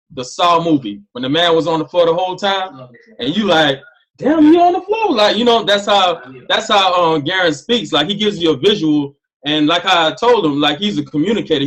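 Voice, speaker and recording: A man reflects on a weekend event in a loose, conversational way, with a voice a bit higher than most men's. He leans on fillers as he thinks aloud. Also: fairly bright tone, poor audio. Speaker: team member sharing on a call. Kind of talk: casual testimonial share.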